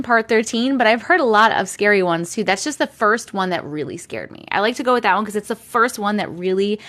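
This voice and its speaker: Young woman chatting on a livestream, bouncy lively voice, giggly, greets everyone. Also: fairly high pitch. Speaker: host reading viewer comments on a livestream. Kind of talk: casual livestream chat.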